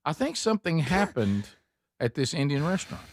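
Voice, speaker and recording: A man's voice: on the high side, big pitch swings, moderate pace, no echo, clean studio sound. A man hosting a talk show, reading a sponsor spot and telling stories in a rambling way, often restarting and repeating words. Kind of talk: casual chat and live ad read.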